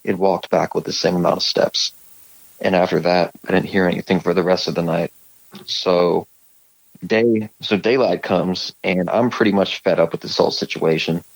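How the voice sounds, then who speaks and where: Male guest from California, very low voice, halting, dry close sound. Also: steady tone, creaky, no room sound, low-quality recording. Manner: rambling, halting, many fillers and restarts. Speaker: guest telling encounter stories. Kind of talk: casual storytelling on a call.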